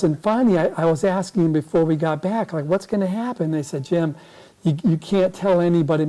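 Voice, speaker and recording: A man's voice: a little high, warm tone, low-quality recording. An older man speaking to a club audience, telling a folksy, rambling story and often repeating words as he restarts. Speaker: guest speaker. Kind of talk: anecdotal storytelling talk. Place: club meeting room.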